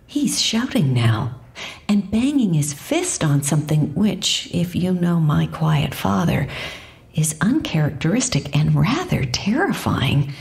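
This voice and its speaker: Deep, gravelly female storyteller. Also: very animated, a little slow, darkish tone, slight background noise. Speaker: audiobook narrator. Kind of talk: scripted first-person narration.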